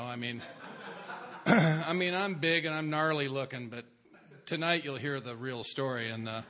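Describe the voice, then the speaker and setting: Man with a slightly high voice, speaker at a recovery meeting, wry and self-mocking storyteller. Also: a bit bright. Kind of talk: humorous personal story to a meeting.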